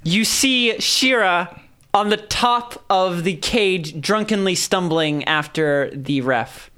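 A man's voice: high voice, slow pace, sharp tone. Rambling male game master narrating a fight. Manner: loose, rambling narration full of fillers.

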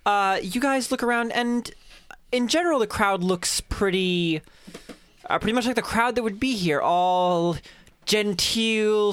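A man's voice: high voice, fairly bright tone, clean tone, no echo. A man running a tabletop game as game master, narrating loosely with many fillers and restarts. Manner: rambling, full of fillers and restarts.

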